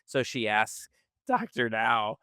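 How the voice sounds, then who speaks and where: Podcast co-host, male, 50s, wry deadpan humor, dry close sound. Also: medium pitch, slow, smooth, dry recording. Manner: wry, dry jokes, retells TV scenes. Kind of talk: casual chat.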